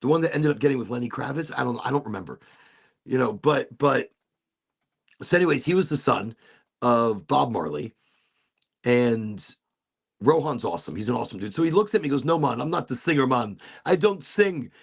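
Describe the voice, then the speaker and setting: A man's voice: mid-range voice, expressive, brisk, vocal fry, long pauses, husky. A man hosting a casual chat, telling rambling stories and laughing often. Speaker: podcast host.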